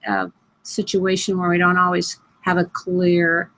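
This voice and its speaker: A woman's voice: fairly low pitch, animated, measured pace, fairly bright tone. Reflective woman school counselor. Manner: reflective, searching for words. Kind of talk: casual online chat.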